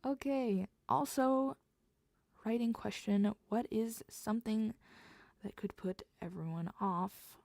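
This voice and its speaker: A young woman streamer chatting casually while she writes, drifting between rambling talk and half-whispered musing. Her voice carries a gravelly fry, and she speaks at a slow, unhurried pace. The sound is dry and close-miked. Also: medium pitch, dark tone, no echo. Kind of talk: casual livestream chat while writing.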